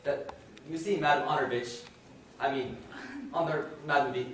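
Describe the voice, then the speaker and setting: A man acting a nervous, excitable suitor of thirty-five on stage, flustered, stammering and overly formal. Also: medium pitch, moderate pace, natural voice. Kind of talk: amateur stage play. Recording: echoey hall from far off, faint noise.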